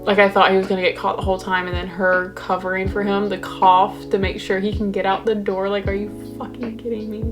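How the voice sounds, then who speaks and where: A young woman talks through a book in a casual vlog, her voice at an ordinary middle pitch. She gushes, frets and swears as she reacts. Music plays clearly behind her. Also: completely flat delivery, a little fast, hardly any pauses. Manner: emotional, swearing, gushing. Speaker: book vlogger.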